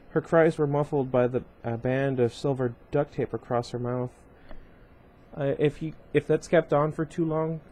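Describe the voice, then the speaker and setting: A man's voice: medium pitch, dark tone, slight background noise. A man casually reading a novel aloud at home, breaking off often for rambling side comments full of fillers. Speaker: reader of a book series.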